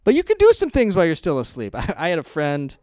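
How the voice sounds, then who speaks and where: A young adult man pastor preaching a sermon in a conversational, storytelling way, laughing often and growing loud and animated in his stories. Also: a little high, quick pace, no room sound, studio quality. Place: church.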